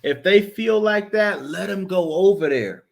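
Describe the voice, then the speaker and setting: Man, high voice, profane repetitive rant, casual talk. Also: measured pace, vocal fry. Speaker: commentary vlogger.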